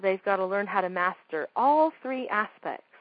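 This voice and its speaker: A woman's voice: medium pitch, expressive, moderate pace, dry recording, phone-quality sound. A woman giving a talk on parenting, speaking emphatically and firing off rhetorical questions. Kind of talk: talk to an audience.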